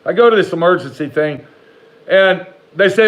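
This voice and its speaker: A man telling a rambling personal story to the camera in a casual, animated way, swearing freely and talking back to imagined critics. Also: high voice, rough recording. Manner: profane, rambling, talks back to imagined haters; animated, jumps between slow emphasis and rushed asides.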